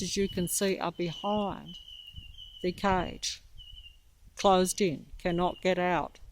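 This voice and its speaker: A woman's voice: fairly low pitch, slight background noise, poor audio. A woman filming herself on a walk in a park, out of breath, rambling and trailing off as she talks into a handheld phone. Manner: trailing off, halting and restarting. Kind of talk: rambling walking commentary. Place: outdoor park.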